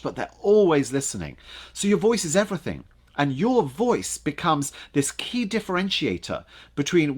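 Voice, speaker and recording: Talking straight to the camera, a man gives a spirited online lesson on presentation skills, using theatrical pauses and punched-up words to drive points home. His voice runs a little high.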